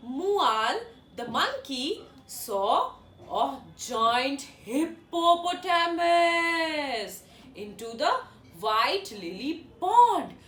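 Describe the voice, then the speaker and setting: A woman's voice: sits high, a bit bright, a little hiss or hum. A woman narrating a children's story expressively, asking her young listeners questions, in an echoey room.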